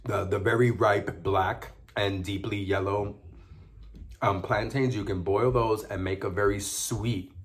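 A man with a fairly low voice talks through a casual eating vlog at home. He chats easily between bites and hums with pleasure as he savors the food. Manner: chatty, savoring food with frequent mm sounds. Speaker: mukbang vlogger.

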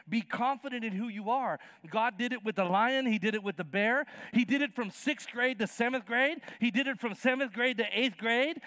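A man in his fifties delivers a sermon from a church stage, his voice sitting high. He acts out Bible scenes in casual, slangy voices with plenty of energy. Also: bright, forceful tone, dry recording, studio quality. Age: 50s. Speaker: pastor. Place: church sanctuary.

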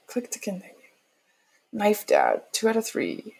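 A woman's voice: mid-range voice, wildly swooping pitch, a little slow, vocal fry, a little mellow, slight background noise, low-quality recording. A woman playing a story game, reading its lines aloud and breaking off with sarcastic, self-mocking asides. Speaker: let's player.

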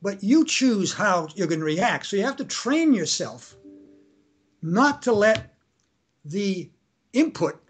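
With soft music playing behind him, a Canadian family lawyer casually takes interview questions, acting out shouted examples and often stopping to restart. His voice sits high, sing-song and with a breathy edge.

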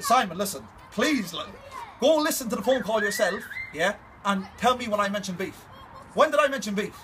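A man's voice: sits high, fairly bright tone, slight background noise. An adult man issuing a fight challenge in a confrontational video message, taunting and aggressive, repeating himself to drive points home. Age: adult, older than 21.

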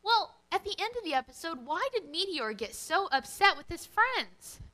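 A woman leading a children's worship lesson, speaking in an animated, sing-song way to kids. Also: very high voice, normal speed, low-quality recording.

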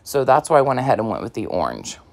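A woman crafting vlogger with a bass, slightly mellow voice talks casually through her project at a quick, sing-song pace with vocal fry. She sounds a bit out of breath and rambles, full of ums and you-knows.

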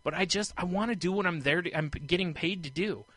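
A man co-hosting a casual podcast, telling animated stories and acting out the voices of the people he quotes. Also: high-pitched, quick pace, dry recording. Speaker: podcast co-host. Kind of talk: casual chat.

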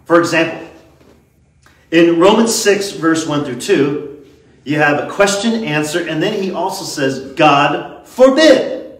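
A man's voice: on the high side, lively intonation. Emphatic preacher man in an echoey church. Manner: emphatic, slows down to stress key words. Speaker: pastor. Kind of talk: expository sermon. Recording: echoey church hall, mic at a distance.

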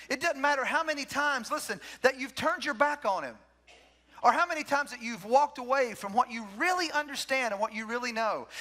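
A man's voice: extremely high pitch, pushed and bright. A man preaching a sermon to a church congregation, emphatic and repetitive, leading the room in reciting phrases. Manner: emphatic, repeats key phrases, leads the congregation in call-and-response. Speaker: pastor. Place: church sanctuary.

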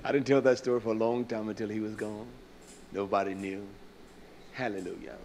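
Preaching with a crowd in the background, an older pastor uses a low, level-toned voice at a fairly quick pace. He still swings from shouted climaxes to hushed storytelling, with frequent "uh" fillers.

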